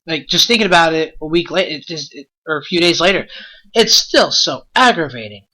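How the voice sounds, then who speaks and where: A man's voice: fairly high pitch, expressive, brisk, pushed and bright. A man hosting a wrestling podcast, ranting in an exasperated, blunt way with lots of rhetorical questions. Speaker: podcast host.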